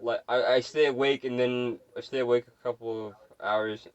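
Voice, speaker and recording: Young man, halting casual podcast chat. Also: mid-range voice, fairly even intonation, highs cut off. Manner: halting, repeats himself, crude jokes. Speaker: podcast co-host.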